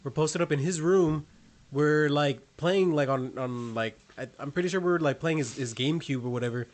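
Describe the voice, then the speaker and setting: A man who is a guest on a podcast, talking casually and haltingly with many restarts and fillers. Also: a little high. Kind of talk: casual chat.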